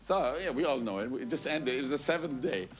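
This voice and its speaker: Man, casual storytelling, animated, quotes dialogue, temple talk. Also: medium pitch, brisk. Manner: animated, quotes others in dialogue, frequent "you know" and "I goes". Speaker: temple speaker at a Sunday program. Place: temple hall.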